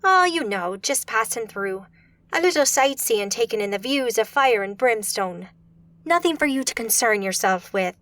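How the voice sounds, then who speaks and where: A woman's voice: on the high side, animated, normal speed, a bit bright, dry recording. A woman voicing a fearless young sorceress who talks with flippant sarcasm. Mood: sarcastic.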